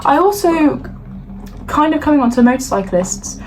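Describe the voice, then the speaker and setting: A woman's voice: sits high, very animated, normal speed, poor audio. A young woman with a British accent, co-hosting a podcast in casual chat, ranting with lots of swearing and laughter. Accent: British English. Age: young adult. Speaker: podcast co-host.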